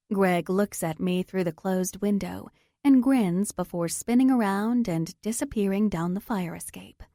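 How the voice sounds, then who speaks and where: A woman's voice: medium pitch, warm tone, dry recording, studio quality. A woman narrating a first-person romance audiobook in a tense, dramatic manner.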